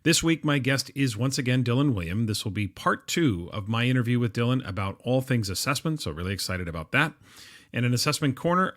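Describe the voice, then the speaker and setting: A man's voice: medium pitch, animated, fairly quick, a bit bright, soft background music. A middle-aged man hosting a podcast, talking conversationally in a solo monologue with frequent ums and uhs. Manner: conversational, with frequent fillers and restarts. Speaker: podcast host.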